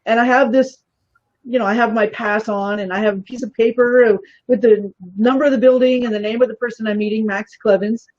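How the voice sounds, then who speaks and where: A woman's voice: a little high, fairly even intonation, brisk, a little mellow, highs cut off. A woman guest telling a story in casual talk, animatedly acting out the voices of the people she quotes.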